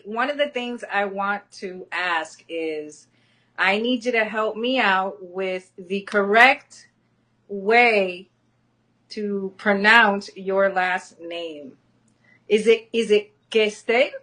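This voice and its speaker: A woman hosts a casual podcast interview. She talks at a slow, deliberate pace in a mid-range voice. She fills her pauses with soft ums as she introduces her guest. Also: medium pitch. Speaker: podcast host.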